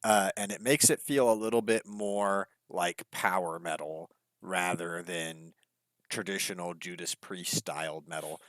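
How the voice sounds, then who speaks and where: Man, podcast co-host, very low voice, dry recording, rambling casual review. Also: steady tone, a little slow, a bit bright, no echo. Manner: rambling, hedging, many fillers. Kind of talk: casual music review chat.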